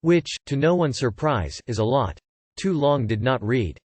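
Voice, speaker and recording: Guy reading reddit-style posts out loud, steady even read, mid pitch, dry close sound. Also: measured pace, slightly rough, no echo. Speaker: narrator. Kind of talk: reading online posts aloud.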